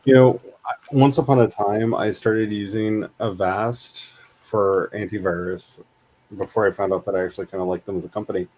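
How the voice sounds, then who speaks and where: A man chats casually as the host of a live stream. His voice sits somewhat low, and he rambles through his stories, often restarting a thought mid-sentence. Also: fairly even intonation, normal speed, darkish tone, low-quality recording. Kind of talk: casual chat.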